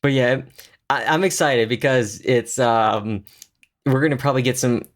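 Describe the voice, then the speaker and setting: A man co-hosting a television review podcast, chatting in an easy, excited way. He circles back on himself with ums and restarts as he goes. His voice sits in an ordinary middle pitch. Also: normal speed. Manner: chatty, enthusiastic, many fillers and restarts. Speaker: podcast co-host. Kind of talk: casual TV review chat.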